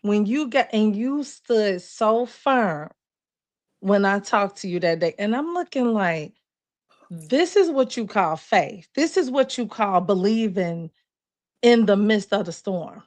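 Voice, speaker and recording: A woman speaks slowly and deliberately in a casual podcast conversation. She affirms the other speaker in a preacherly, encouraging manner, at a mid-range pitch. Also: expressive, a little mellow.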